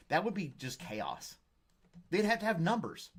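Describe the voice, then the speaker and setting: Rambling, jokey host. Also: male voice, high voice, very animated, normal speed, husky. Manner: rambling, jokey, reads viewer comments. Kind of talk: casual live-stream chat.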